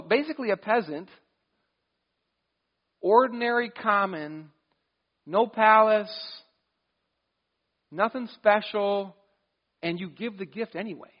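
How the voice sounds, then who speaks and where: Preaching as a pastor, this man has a strikingly high voice and a conversational style full of restarted phrases and quoted asides. The audio is dull and lo-fi.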